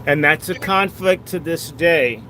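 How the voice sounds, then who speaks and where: A man's voice: fairly high pitch, unhurried, bright, forceful tone, slight background noise. A man hosting a livestream in a casual, encouraging way. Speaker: host. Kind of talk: livestream chat.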